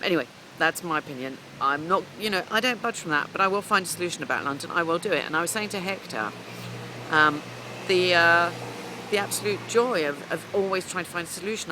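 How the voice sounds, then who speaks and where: A middle-aged woman who works as a business coach tells a long, meandering story in a laid-back vlog. Her voice is deep, and there's noise in the background as she chats away.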